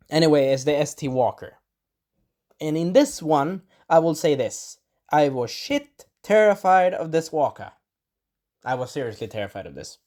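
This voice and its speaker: A lively, sing-song voice that swoops up and down as it rambles through a casual episode review. The speaker grew up in Sweden, is not speaking their first language, and keeps clearing a scratchy throat. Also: mid-range voice. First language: Swedish. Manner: rambling, enthusiastic, acts out quotes in little voices. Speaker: video reviewer. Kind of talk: casual spoiler review monologue.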